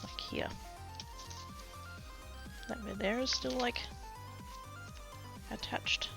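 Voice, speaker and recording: A woman's voice: fairly high pitch, steady tone, extremely slow, gravelly, music in the background. A woman chatting casually to her livestream chat while sorting craft supplies, self-mocking and rambling. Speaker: craft streamer.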